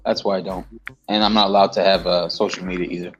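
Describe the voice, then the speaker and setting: A man's voice: sits low, little pitch movement, fast talker, lo-fi sound, faint music behind. A man on a podcast panel, joining in with laughing, teasing banter. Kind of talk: casual chat.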